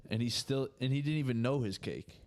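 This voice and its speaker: A man's voice: mid-range voice, fairly quick, background noise. A man co-hosting a casual podcast chat, chiming in with short slangy reactions and questions.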